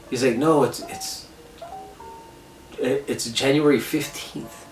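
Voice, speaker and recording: A man's voice: medium pitch, unhurried, long pauses, far from the mic. Rambling man telling a story in an echoey room. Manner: rambling, animated retelling with lots of "I was like". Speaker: gaming channel host. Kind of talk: casual storytelling vlog. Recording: echoey room, set back from the mic, soft guitar music.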